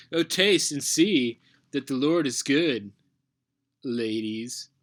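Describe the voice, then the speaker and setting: A man's voice: mid-range voice, expressive, very slow. A man playing a laid-back smug god's son. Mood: mock-preachy. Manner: laid-back, mumbling, full of fillers. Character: smug male deity, lazy pickup artist. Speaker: comedy performer. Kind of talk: comedic reading.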